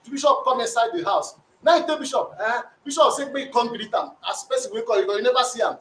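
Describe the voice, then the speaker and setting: Nigerian man with a very high voice pleading his side of a family quarrel, rambling and repetitive; distant mic in a roomy space with faint noise. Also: brisk. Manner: rambling, repetitive, animated storytelling. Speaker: complainant. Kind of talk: recounting a domestic dispute.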